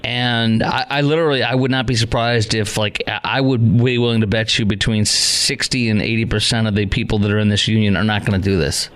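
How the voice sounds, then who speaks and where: A man's voice: lowish voice, steady tone, fairly quick, few pauses, fairly bright tone. A middle-aged man hosting a call-in talk radio show, sarcastic and exasperated, scoffing at what he reads out.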